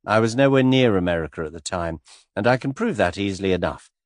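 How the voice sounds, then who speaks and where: A man voicing a cool English gentleman suspect, speaking lightly and teasingly in an unhurried way. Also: deep voice, animated, no echo, studio quality. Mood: amused.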